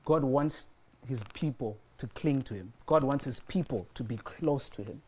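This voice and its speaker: A man's voice: mid-range voice, normal speed, a little mellow, breathy edge. A man preaching a sermon and telling a personal story, repeating his phrases for emphasis.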